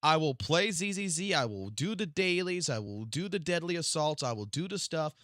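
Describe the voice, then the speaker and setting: A male game streamer ranting live, his speech packed with profanity and swinging from low grumbles to loud, drawn-out exclamations. His voice sits a little high and sounds bright and forceful. The sound is dry and close, with no room around it. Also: dry recording. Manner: profane, excitable, swings from mutters to loud outbursts. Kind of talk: live stream reaction rant.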